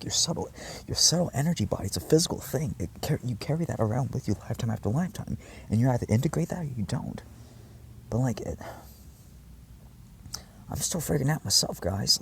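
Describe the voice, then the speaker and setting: A man's voice: mid-range voice, gravelly, slight background noise. A man talking to his viewers in a rambling, intense monologue, swearing often and restarting his sentences. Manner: intense, profane, wandering, many fillers and restarts. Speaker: vlogger addressing his viewers.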